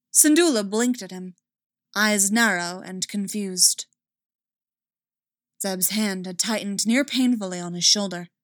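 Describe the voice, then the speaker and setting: A woman reads a story aloud in a measured, expressive way, her voice at a middling pitch. The recording is dry and close, with no room around it. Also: no echo. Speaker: narrator. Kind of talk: audiobook narration of fan fiction.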